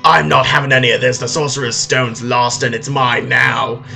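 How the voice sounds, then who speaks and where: A man voicing a villainous dark wizard who declaims his threats in a comedy retelling. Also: mid-range voice, flat delivery, moderate pace, gravelly, faint music behind, full character voice. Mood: menacing.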